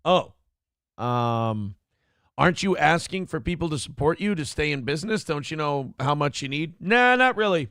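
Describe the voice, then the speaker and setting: A man hosting a morning show, reacting to a clip with loud, profane mockery and shouting now and then. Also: on the high side, expressive, normal speed, no echo, studio quality. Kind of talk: crude comedic commentary on a clip.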